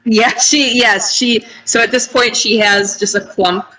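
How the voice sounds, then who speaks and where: A player in a tabletop game, describing their character's actions slowly and laughing often. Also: medium pitch, steady tone, bright, forceful tone, low-quality recording.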